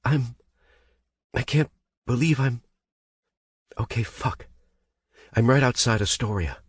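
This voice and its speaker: A man's voice: on the low side, expressive, unhurried, darkish tone, breathy edge, no echo, studio quality, pitched above the performer's own voice. A male audiobook narrator voicing a young distraught woman whose voice cracks with anguish. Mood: shaken.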